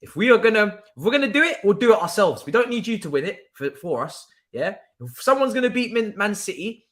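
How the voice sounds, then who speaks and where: A man's voice: high-pitched, big pitch swings, fairly quick, fairly bright tone. A young man hosting a football watchalong stream, ranting emphatically and repeating himself with laughs. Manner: emphatic, repetitive, laughing ranter. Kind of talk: casual ranting livestream chat.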